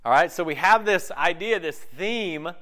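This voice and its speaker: With a high, expressive, bright and forceful voice, this pastor delivers his sermon a little slowly. He keeps it conversational, often questioning the audience and voicing their inner thoughts as quotes.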